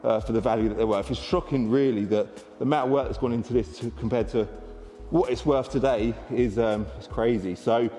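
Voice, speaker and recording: A man, a car dealer chatting excitedly to camera in a casual walkaround vlog. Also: mid-range voice, a little fast, in a large hall, soft background music.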